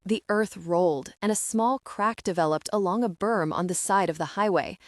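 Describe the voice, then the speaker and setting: A woman narrates a novel for an audiobook in a steady, even reading voice of medium pitch at normal speed. The scripted narration is recorded dry, with clean studio sound.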